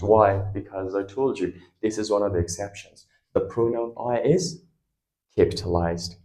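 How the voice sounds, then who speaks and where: A man's voice: fairly low pitch, poor audio. A man teaching an English grammar lesson, quizzing his students with repeated questions.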